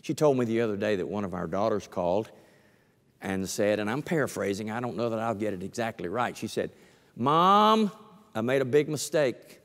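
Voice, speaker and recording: A man's voice: on the low side, animated, a little fast, a little mellow. An older man, a pastor, preaching a conversational sermon to his congregation and stretching out key phrases for emphasis. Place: church sanctuary. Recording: long reverb of a church hall.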